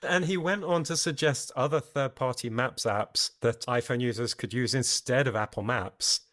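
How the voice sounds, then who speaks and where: A man's voice: medium pitch, normal speed, a bit bright. A man hosting a casual podcast discussion, talking through the subject in a thoughtful, explaining way. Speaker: podcast host.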